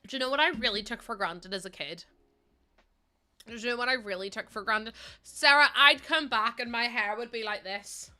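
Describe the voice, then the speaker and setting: Bright, giggly woman streamer. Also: on the high side, moderate pace, faint music behind. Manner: giggly, rambling and playful, chatting to viewers. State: sleepy. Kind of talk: casual livestream chat.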